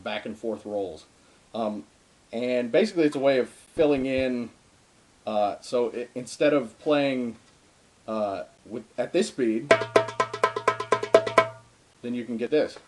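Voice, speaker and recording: A young man explaining hand drum technique in an easygoing, unscripted way, filling his pauses with ums and uhs. His voice sits at an ordinary middle pitch, and faint drumming comes in between his sentences. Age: young adult. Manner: relaxed and informal, with many ums and uhs. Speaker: darbuka teacher. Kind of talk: casual spoken drum lesson. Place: home room with drum. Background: darbuka drumming between phrases.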